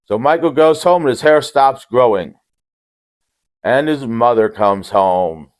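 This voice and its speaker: A man giving a casual, rambling movie recap with deadpan jokes and frequent restarts. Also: medium pitch, a little slow. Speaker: movie reviewer.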